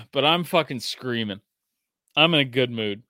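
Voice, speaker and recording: Excitable, foul-mouthed man hosting a podcast. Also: medium pitch, measured pace, vocal fry, dry recording, clean studio sound. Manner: excitable, profane storytelling. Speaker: podcast host. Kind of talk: casual sports chat.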